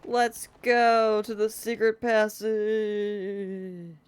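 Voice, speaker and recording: Speaking very slowly, a young American woman has a medium-pitched voice with little pitch movement and a clean tone. While streaming a game, she rambles cheerfully in casual let's-play chat, peppered with "like" and "you know."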